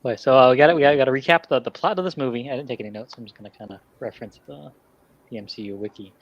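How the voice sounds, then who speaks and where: A man's voice: medium pitch, very fast, dry recording. A man hosting a casual podcast, laughing often and rambling with restarts. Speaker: podcast host. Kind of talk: casual chat. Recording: dull lo-fi mic.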